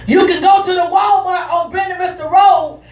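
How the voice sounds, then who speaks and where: A woman preacher delivering a loud, emphatic sermon that repeats its points, heard through an echoey hall. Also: very high voice, fairly even intonation, moderate pace. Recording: echoey hall, mic at a distance.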